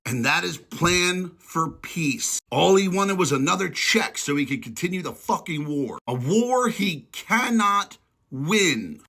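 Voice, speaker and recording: A man's voice: high-pitched, sharp tone. A man commentating on politics in a heated, profane rant, stretching out words for emphasis.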